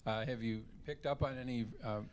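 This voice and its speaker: A man's voice: mid-range voice, steady tone, brisk, slight background noise. A man hosting a casual interview on a community TV show, prompting his guest with questions. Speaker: host. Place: community TV studio.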